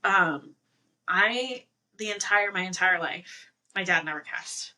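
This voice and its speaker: A woman's voice: fairly low pitch, slow. A woman guest on a casual podcast interview, telling stories animatedly with lots of "like" fillers and frequent laughs. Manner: animated storytelling, many "like" fillers, laughs often.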